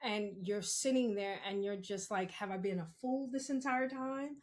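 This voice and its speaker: A woman's voice: medium pitch, normal speed. A young woman from Queens, hosting a spiritual podcast in a chatty, blunt monologue, laughing often and swearing freely. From Queens, New York. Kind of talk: casual solo podcast monologue.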